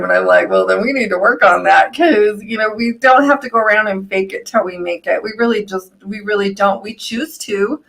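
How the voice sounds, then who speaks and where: A woman's voice: medium pitch, brisk, gravelly, hardly any pauses, poor audio. Chatty woman healer telling stories. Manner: warm storytelling, laughs often, acts out quoted people. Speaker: healer, co-host. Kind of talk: casual live-stream chat.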